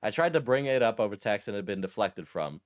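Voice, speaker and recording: A male streamer casually reading a post aloud and breaking off for wry, deadpan asides. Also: lowish voice, fairly quick. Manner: wry, deadpan asides between read passages. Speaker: streamer reacting to a text post.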